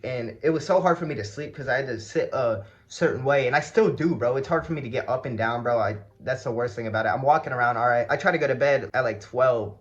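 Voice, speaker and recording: A man's voice: mid-range voice, a bit bright, dull audio. A young man telling a story in a casual, laid-back way, swearing a lot and filling his talk with "like" and "bro". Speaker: vlogger.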